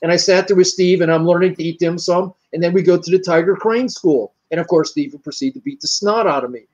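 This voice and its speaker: An older man from the United States spins long, rambling anecdotes as an interview guest, slipping into the voices of the people he quotes. His voice sits high for a man, and the recording is muffled and lo-fi. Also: fast talker, a little mellow. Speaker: martial arts grandmaster, interview guest. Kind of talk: storytelling in an interview.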